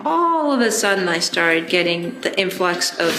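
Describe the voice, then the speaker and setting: Reflective middle-aged woman, measured delivery, roomy echo. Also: lowish voice, sing-song. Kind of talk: reflective personal talk. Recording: echoey room.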